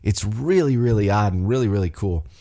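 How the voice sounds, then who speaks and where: A man's voice: on the low side, lively intonation, brisk, mellow. A man hosting a solo podcast recap, talking casually in a rambling, profane, self-deprecating way. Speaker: podcast host.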